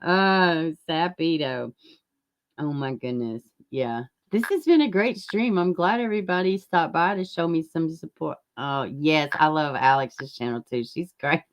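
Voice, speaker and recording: A true-crime live streamer with a deep voice chats casually at a measured pace, rambling and greeting viewers in the chat. Her mic occasionally drops out.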